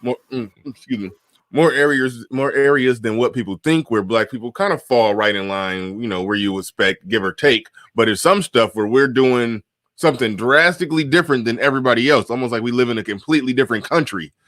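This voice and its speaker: A man's voice: mid-range voice, brisk, fairly bright tone, no room sound, studio quality. Rambling man hosting a livestream. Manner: rambling, many restarts and fillers. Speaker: host. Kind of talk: casual livestream talk show.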